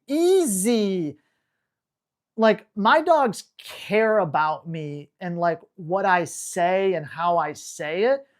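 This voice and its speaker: Blunt, slangy woman dog trainer. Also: mid-range voice. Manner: brisk, slangy and blunt, acting out sharp corrections to a dog. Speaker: dog trainer answering viewer questions. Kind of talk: live Q&A, casual coaching.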